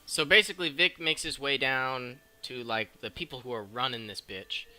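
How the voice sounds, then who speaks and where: A man recapping a film casually, swearing a lot and rambling excitedly, on a cheap mic. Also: medium pitch, normal speed, clear, resonant tone. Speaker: film review vlogger. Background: background noise and faint music.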